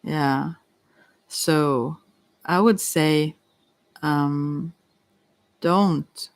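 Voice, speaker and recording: A woman giving a casual live-stream tarot reading, chatty and giggly, pausing often with fillers as she talks things through. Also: low-pitched, dry recording. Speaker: tarot reader.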